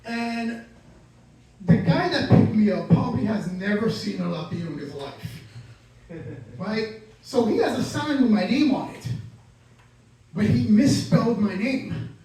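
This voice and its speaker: A man's voice: sits high, lively intonation, measured pace, long pauses, mellow. A man performing stand-up comedy, telling a self-mocking story and acting out the scenes. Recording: echoey room, distant mic.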